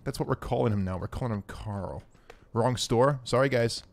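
A man streaming a game live, giving excitable, profane running commentary and talking to his chat. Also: medium pitch, moderate pace, gravelly.

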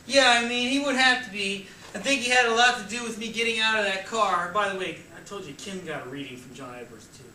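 A man's voice: high voice, fast, few pauses, sharp tone. A man giving an informal classroom lecture, reading passages aloud and breaking in with joking, sarcastic asides. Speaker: college lecturer. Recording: echoey classroom, distant mic, faint hiss.

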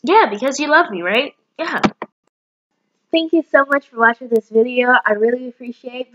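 A woman's voice: high-pitched, normal speed, fairly bright tone, dull audio. A young woman in her late teens chatting casually to camera with a bubbly, rambling manner and many fillers. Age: young adult. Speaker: vlogger.

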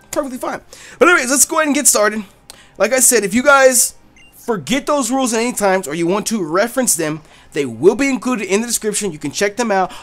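Loud, cursing man doing game commentary, high and very animated; faint game music behind. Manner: loud, boisterous, cursing and joking. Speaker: Let's Play host. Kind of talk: casual gameplay commentary.

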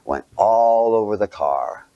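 A man giving a sermon through a childhood story, animated, sometimes dropping to a near whisper and putting rhetorical questions to his listeners. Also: on the low side, slow pace, smooth, lo-fi sound. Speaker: speaker.

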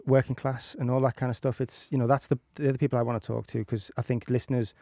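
A man hosts a relaxed interview podcast. He talks casually and fills his sentences with "you know" and "like." His voice has a gravelly edge at a middle pitch, recorded close and dry. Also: fast, no room sound. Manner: chatty, many fillers like "you know". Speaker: podcast host.

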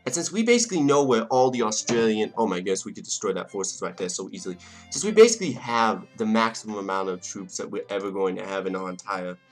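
A young man casually commenting on his strategy game as he plays, joking and talking to the nations on screen. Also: fairly low pitch. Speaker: let's play gamer. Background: faint game music.

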